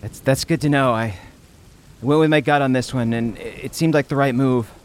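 A man playing in a tabletop game, animated and quick to laugh. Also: mid-range voice. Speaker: player. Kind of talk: tabletop game role-play.

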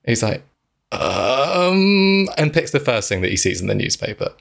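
A man co-hosting a casual film-review podcast, talking in animated, exasperated rants and swearing freely. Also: lowish voice, fast talker, vocal fry. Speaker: podcast co-host.

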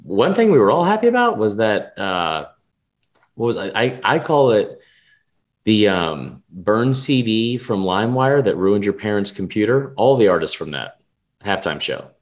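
A man's voice: lowish voice, very animated, a little slow. A young man co-hosting a casual sports betting podcast, talking in a rambling, profane way full of restarts and fillers. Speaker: podcast co-host.

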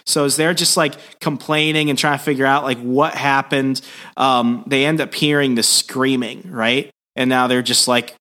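A man hosting a podcast, giving a casual comics recap with animated storytelling. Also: mid-range voice, moderate pace. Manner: animated storytelling, acting out dialogue. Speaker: podcast host.

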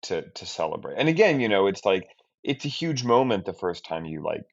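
Deep gravelly man, halting and candid. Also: big pitch swings. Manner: halting, restarts often, trails off quietly. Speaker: film director guest. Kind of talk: candid reflective interview talk. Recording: dull lo-fi sound.

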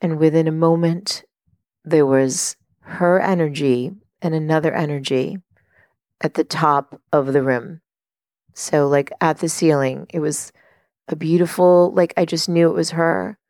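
Low-voiced woman telling a heartfelt story. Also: creaky, a little mellow, no echo, studio quality. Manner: earnest, reflective, with frequent fillers. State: tearful while telling a story. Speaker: podcast host and life coach. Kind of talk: personal storytelling monologue.

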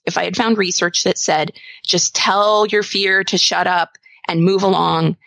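A woman's voice: on the low side, steady tone, a little slow, gravelly, a bit bright, no room sound, rough recording. A woman in her thirties, a podcast guest talking candidly and emphatically in casual conversation. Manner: candid and emphatic, laughs easily.

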